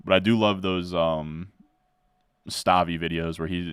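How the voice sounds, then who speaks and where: Deep-voiced laid-back guy. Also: little pitch movement, brisk, a bit bright, smooth, dry recording, studio quality. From New Jersey. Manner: laid-back, says "dude" a lot, answers chat as he goes. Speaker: fantasy football streamer. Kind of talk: casual live-stream chat while drafting.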